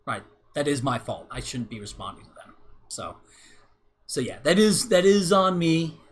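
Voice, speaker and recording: A man's voice: a little high, big pitch swings, moderate pace, slight background noise. A young man streaming live, rambling in a casual monologue full of restarts and "right?" tags as he reads and answers chat.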